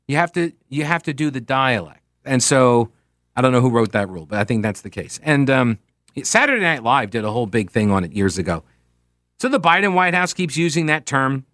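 A man's voice: fairly high pitch, fairly bright tone, no echo, clean studio sound. A man hosting a talk radio show, giving opinionated political commentary in a sarcastic tone, full of rhetorical questions.

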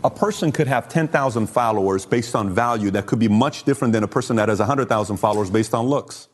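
A man in casual podcast chat, explaining a point in a quick, matter-of-fact way. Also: fairly low pitch, faint music behind.

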